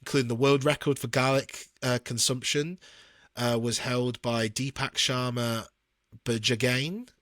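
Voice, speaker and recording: A man's voice: mid-range voice, steady tone, unhurried, fairly bright tone, no echo. A British man co-hosting a casual podcast, chatty and often laughing as he reads out facts. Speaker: podcast co-host. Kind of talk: casual chat.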